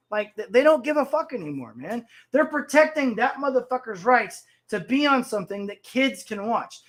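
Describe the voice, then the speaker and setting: A man's voice: high-pitched, fairly bright tone. A man in his thirties hosting a livestream, ranting about the news in a profane, rambling way and reading the chat. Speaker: host.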